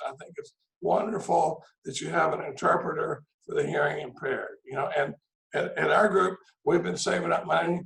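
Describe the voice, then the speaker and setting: Gravelly middle-aged guy from texas, folksy joking share at a recovery meeting, kinda high voice, echoey room. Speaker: AA meeting speaker. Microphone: video call.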